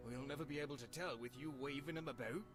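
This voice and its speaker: A man's voice: medium pitch, fast talker, natural voice. An actor playing a nosy, half-blind male townsman in a video game, gossipy and sure of himself. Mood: gossiping. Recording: game audio with loud music.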